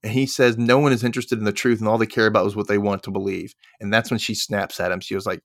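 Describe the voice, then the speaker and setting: A man's voice: lowish voice, steady tone, dry recording, clean studio sound. A man hosting a podcast, casually recapping a TV episode and acting out lines as he goes. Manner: retells scenes with quick voiced asides. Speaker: podcast host.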